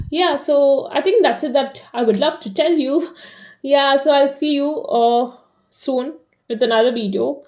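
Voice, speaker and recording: A young woman chatting casually in a rambling diary vlog, full of fillers, swinging between animated and flat delivery. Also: high-pitched, measured pace. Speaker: vlogger.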